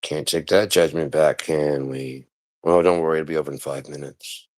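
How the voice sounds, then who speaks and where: A man on a livestream giving a sarcastic commentary rant, mimicking people and breaking into bursts of shouting. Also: very deep voice, fairly even intonation, moderate pace, no room sound, studio quality. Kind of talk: live-stream commentary rant.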